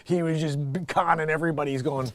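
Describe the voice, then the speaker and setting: A man hosting a comedy news show, joking and swearing as he reads headlines and swings into loud bits. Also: on the high side, fairly even intonation, fast, slight background noise.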